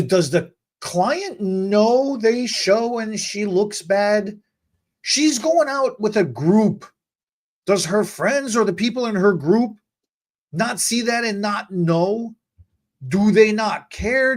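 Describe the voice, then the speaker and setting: Animated storytelling male podcast host. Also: high-pitched, slow. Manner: storytelling, animated, acts out quotes. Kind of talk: casual podcast chat.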